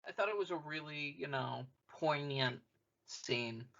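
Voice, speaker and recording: A man's voice: fairly high pitch, lively intonation, a little slow, gravelly, a bit bright, muffled recording. A man co-hosting a podcast, chiming in with dry, sarcastic asides in casual banter. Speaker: podcast co-host.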